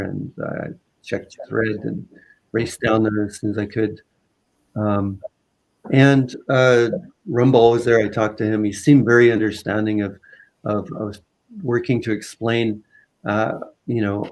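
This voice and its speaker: A man from Southern Vancouver Island, a guest in a conversation, telling a story casually in halting phrases full of fillers and restarts. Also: lowish voice, creaky, a little mellow, low-quality recording. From Southern Vancouver Island, Canada.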